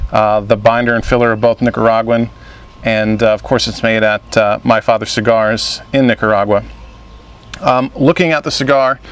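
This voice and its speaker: A young man casually reviewing a cigar, relaxed and pausing often with filler words. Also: medium pitch, clean tone.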